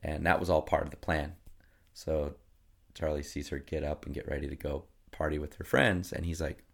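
A man in his thirties, a podcast guest, telling family stories in a casual, animated way and acting out his kids' voices. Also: low voice, fairly quick, vocal fry. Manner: animated storyteller who acts out his kids. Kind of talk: casual storytelling.

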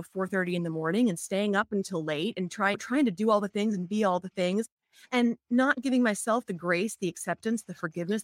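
Recorded dry and at studio quality, a middle-aged woman with a medium-pitched voice chats casually. She works as an EFT practitioner, and her explanatory talk is full of stories and frequent "like" fillers.

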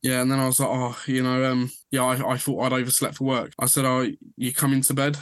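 Man with flat, level delivery. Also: mid-range voice, fast talker, no echo. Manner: recounts events with lots of reported dialogue. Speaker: guest telling his story. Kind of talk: conversational storytelling.

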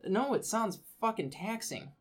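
A man's voice: sits high, expressive, unhurried, breathy edge. A man co-hosting a casual chat, telling stories with wry, profane humor. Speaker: podcast co-host.

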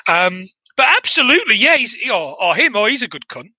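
A man's voice: sits high, very animated, a little fast, sharp tone, slightly rough, no room sound, rough recording. An English man co-hosting a podcast, chatting casually about a film with lots of swearing and restarts. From England. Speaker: podcast co-host. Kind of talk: casual chat recapping a film.

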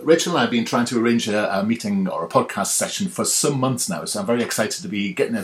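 A man hosting a podcast interview, chatty and friendly with some restarts. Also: medium pitch. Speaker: podcast host.

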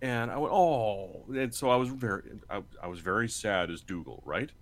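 A man's voice: fairly low pitch, lively intonation, a little fast, a bit bright, dry recording. A man telling a story in casual chat, laughing often, swearing freely and acting out the lines.

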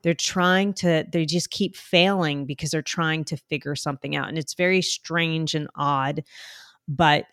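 A woman's voice: low-pitched, fairly even intonation, measured pace, a bit bright, no echo, clean studio sound. A woman with a New Jersey accent, a podcast guest speaking openly and earnestly in a conversational interview.

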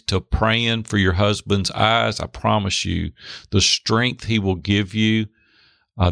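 A middle-aged man telling a candid, animated personal story as a guest in a faith-based talk. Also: on the low side, vocal fry, no room sound, studio quality. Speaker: podcast guest.

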